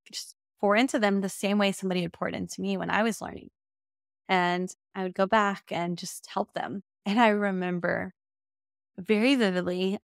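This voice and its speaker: A woman's voice: medium pitch, no room sound, clean studio sound. A young adult woman hosting a solo podcast as a business coach, talking in a casual, heartfelt and emotional way and often saying y'all.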